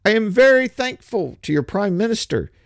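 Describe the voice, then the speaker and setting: A man's voice: high voice, sing-song, normal speed, dry recording, studio quality, voice pushed up. A man putting on a mocking voice for a smug, demanding male wartime president. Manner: mocking, exaggerated.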